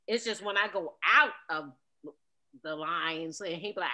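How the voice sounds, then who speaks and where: Bright, encouraging woman host. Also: lowish voice, unhurried. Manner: encouraging, chiming in. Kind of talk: casual chat.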